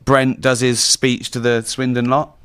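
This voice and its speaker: A man's voice: mid-range voice, little pitch movement, unhurried, fairly bright tone, clean tone, dry recording. A middle-aged English man, a comedian on stage, telling stories with swearing and frequent laughter. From England. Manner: swearing storyteller, laughs often, mimics people. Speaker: comedian guest. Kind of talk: live stage conversation.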